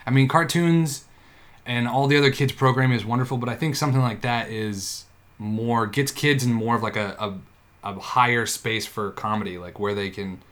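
A man hosting a comedy podcast, rambling in a deadpan way through deliberately wrong facts. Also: medium pitch. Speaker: podcast host. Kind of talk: casual comedy chat.

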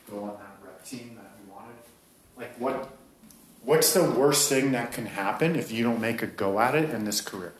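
A man's voice: mid-range voice, very echoey, a little hiss or hum, rough recording. Blunt, swearing male podcast host. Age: middle-aged. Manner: blunt, profane, rambling pep talk. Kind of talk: motivational podcast monologue.

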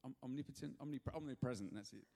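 A male pastor giving an animated, joking sermon with sudden loud rises in a church hall. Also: mid-range voice, fast talker, vocal fry. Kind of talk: energetic sermon.

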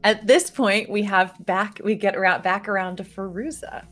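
A woman's voice: medium pitch, normal speed, a bit bright. Woman narrating as game master. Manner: descriptive, hesitant with fillers.

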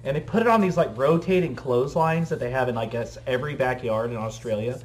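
A man in a casual chat telling a story in an excitable way, laughing often. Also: mid-range voice, quick pace.

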